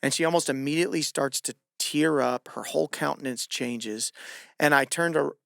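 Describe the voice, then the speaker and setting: Gravelly-voiced man hosting a coaching podcast. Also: fairly high pitch, moderate pace, no room sound, clean studio sound. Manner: animated, acts out shouted quotes. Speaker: podcast host and gymnastics coach. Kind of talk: casual storytelling chat.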